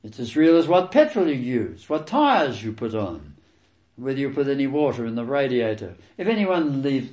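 A man preaching through scripture, reading verses and commenting on them with emphatic, repeated key words and sudden loud stresses. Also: mid-range voice, sing-song, moderate pace, reverberant, muffled recording.

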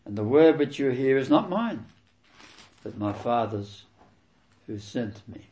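A man preaching through scripture, reading verses and commenting on them with emphatic, repeated key words and sudden loud stresses. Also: mid-range voice, very animated, measured pace, reverberant.

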